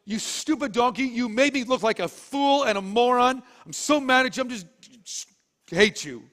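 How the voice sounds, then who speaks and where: A furious old prophet, as a preacher puts him on, hurling insults in a high, strained shout. Long church-hall reverb trails every line. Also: male voice, expressive, moderate pace. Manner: yelling insults. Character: furious old prophet man, hot-tempered.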